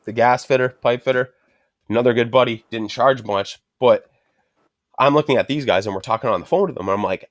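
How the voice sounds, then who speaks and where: A middle-aged man, a podcast host, rants through a frustrated story in casual conversation, swearing constantly. His mid-range voice runs a little fast, and the clean studio recording has no room sound.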